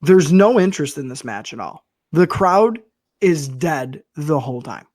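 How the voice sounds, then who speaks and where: A man's voice: on the high side, animated, measured pace, a little mellow, dry recording, clean studio sound. A man co-hosting a casual podcast, wry and profane, talking in long rambling metaphors. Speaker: podcast co-host. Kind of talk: casual wrestling review chat.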